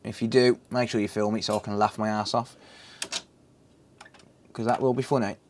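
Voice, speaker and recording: A man's voice: fairly low pitch, level tone, moderate pace, a little mellow, slight background noise. A man chatting casually and joking with his live chat while repairing a console, swearing freely.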